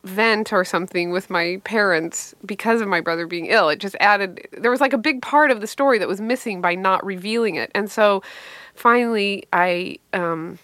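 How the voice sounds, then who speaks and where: A middle-aged woman comedian telling a wry, animated story from her life and answering interview questions. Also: mid-range voice, normal speed, dry recording.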